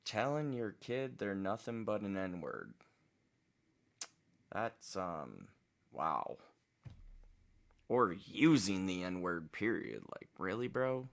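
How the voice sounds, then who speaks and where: A man reacts to a track in a casual, unhurried way, dropping sweary asides. His voice sits very low, and his pitch swings widely as he speaks. He drags his words out slowly. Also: very animated, creaky. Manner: slow, drawling asides with swearing. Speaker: reaction video host.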